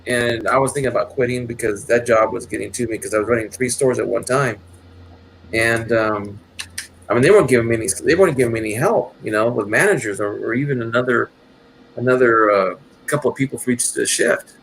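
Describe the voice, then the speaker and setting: A man's voice: medium pitch, fairly quick, vocal fry, a bit bright, slight background noise. A man casually telling a long, rambling story, with many restarts and acted quotes. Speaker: channel host.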